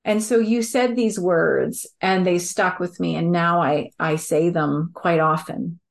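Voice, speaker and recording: A woman hosting a podcast, talking in a warm, earnest, reflective way and laughing easily. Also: lowish voice, fairly even intonation, measured pace, gravelly. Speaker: podcast host. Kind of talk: reflective conversational chat.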